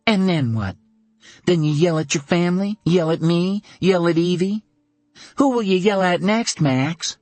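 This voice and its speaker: A man reading an audiobook, voicing a fierce blunt woman who survived a hard injury and lashes out in rapid scolding. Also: on the high side, expressive, darkish tone, breathy edge, dry recording, faint music behind, pitched above the performer's own voice. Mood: furious. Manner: mocking then furious, rapid scolding. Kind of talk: audiobook character voice.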